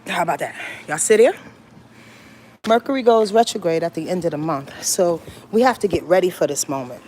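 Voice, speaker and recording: A woman's voice: on the low side, fairly quick. A woman astrologer streaming from her phone, her voice swinging widely up and down as she talks. She swears freely and hammers her points home with repetition. A faint hum of ambience sits underneath. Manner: animated, profane, emphatic and repetitive. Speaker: astrologer hosting a weekly rundown. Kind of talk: casual livestream talk. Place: moving through a building. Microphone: handheld phone.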